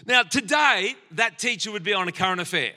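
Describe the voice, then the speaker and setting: An Australian man in his sixties delivers a sermon, weaving personal stories and jokes aimed at the people in front of him. His voice sits high for a man. It has a sharp, very bright edge. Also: animated, a little fast. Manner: storytelling with humor, addressing the congregation.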